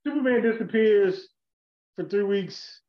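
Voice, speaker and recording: A man's voice: high-pitched, a little slow. A man co-hosting a podcast, talking casually in a blunt, profane, joking way. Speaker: podcast co-host. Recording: echoey room, dull lo-fi sound.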